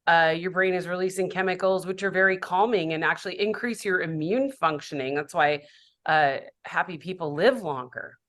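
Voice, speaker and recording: Woman guest, public speaker; slightly low voice, reflective and candid. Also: moderate pace, fairly bright tone. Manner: reflective, candid about her own life. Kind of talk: casual podcast conversation.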